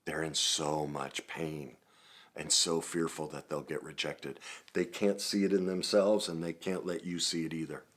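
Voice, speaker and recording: A middle-aged man giving a self-help talk, laughing at himself and swinging from hushed earnest passages to loud animated ones. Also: extremely low pitch, a little slow. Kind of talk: motivational talk to camera.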